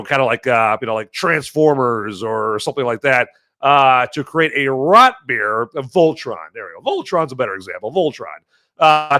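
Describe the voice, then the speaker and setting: A man's voice: mid-range voice, pushed and bright. A man hosting a podcast who chats casually and rambles in a jokey way, with many fillers and self-corrections. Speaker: podcast host reviewing beer. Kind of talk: casual chat.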